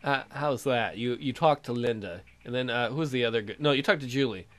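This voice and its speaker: A man giving casual let's-play commentary, with swearing banter and sudden loud exclamations. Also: mid-range voice, brisk.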